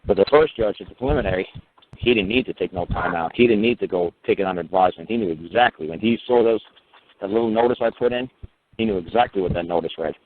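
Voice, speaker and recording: A man's voice: fairly low pitch, quick pace, a little hiss or hum. A man telling a courtroom story in a casual, profane, emphatic monologue, sometimes raising his voice to mimic others. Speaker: radio talk host. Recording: tinny phone-line audio.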